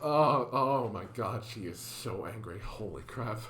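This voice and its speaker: A man reading a visual novel aloud and reacting with animated, jokey commentary. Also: on the low side, unhurried, slight background noise. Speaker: let's-play narrator.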